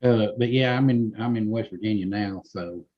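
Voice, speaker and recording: A man's voice: on the low side, normal speed. Folksy North Georgia man. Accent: Southern US, North Georgia. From North Georgia, USA. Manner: easygoing, folksy, hesitant. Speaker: panel guest. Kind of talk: casual chat. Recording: dull lo-fi audio.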